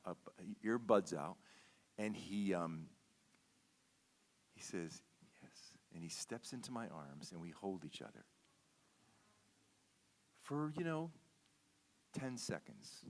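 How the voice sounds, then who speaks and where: Speaking low, slowly, and with animation, a guest preacher pauses often during his sermon in a church sanctuary. He relates a personal story in a conversational style, repeating words and asking "okay?" again and again.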